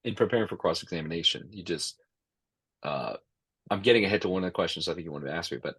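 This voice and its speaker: A man's voice: sits low, quick pace, a bit bright, slightly rough, dry recording. A middle-aged man answering interview questions as an expert witness, emphatic and prone to repeating words as he starts sentences. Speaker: expert witness and law professor.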